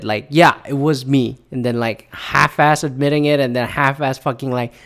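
A man in his thirties giving profane, sarcastic commentary, reading news statements aloud and reacting to them. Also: medium pitch. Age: 30s. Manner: sarcastic, swears a lot.

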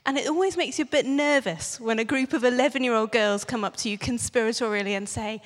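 A woman's voice: on the high side, quick pace, hardly any pauses. Chatty woman preaching in a reverberant church. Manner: chatty, playful, asks the congregation questions. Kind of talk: sermon.

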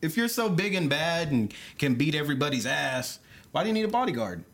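A man's voice: fairly high pitch, sing-song, a little fast, a bit bright. A man co-hosting a casual podcast who laughs easily and reacts with animation. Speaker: podcast co-host.

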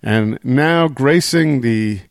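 Male podcast host, mid-pitched, playful teasing banter, dry close mic. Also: slow pace, no room sound. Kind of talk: casual podcast chat.

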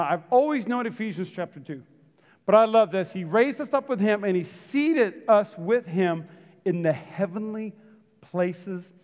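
A man pastor delivering a dynamic sermon to his congregation. His voice sits high and swings from loud shouted lines to soft, almost whispered phrases. The sound carries a long reverb from the church hall. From United States. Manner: calls out to the congregation.

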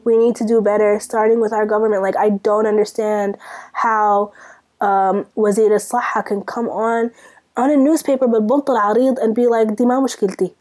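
A woman's voice: mid-range voice, flat delivery, normal speed, darkish tone. A young woman from Sudan co-hosting a podcast, ranting in a casual, exasperated way full of rhetorical questions. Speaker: podcast co-host. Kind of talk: casual chat.

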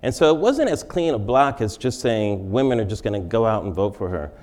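A man's voice: on the low side, big pitch swings, fairly quick, darkish tone. A male comedian giving a wry comic lecture in a large forum, interviewing himself and laughing at his own jokes.

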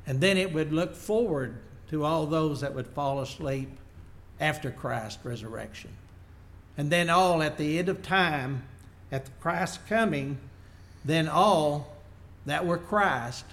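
A man's voice: on the high side, takes it slowly, a bit bright, slight background noise. A man preaching a sermon, reading Bible verses aloud and then explaining them in plain words. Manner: unpolished, working slides as he goes.

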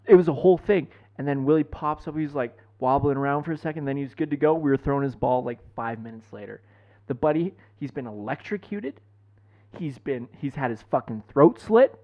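Young guy on a podcast, kinda high voice, cusses a lot, muffled mic. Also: a little fast. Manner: profane, animated storytelling. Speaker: podcast co-host. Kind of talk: casual chat.

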